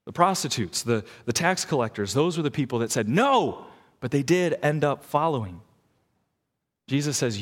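A man's voice: medium pitch, sing-song, moderate pace. Earnest preacher man in a reverberant hall. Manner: earnest, illustrative storytelling, rising intensity. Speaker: pastor. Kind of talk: sermon.

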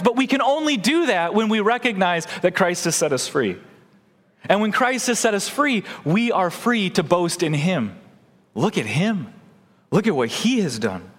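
A man preaching a sermon as pastor of a church, animated and acting out the voices he quotes. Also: very high-pitched, in a large hall.

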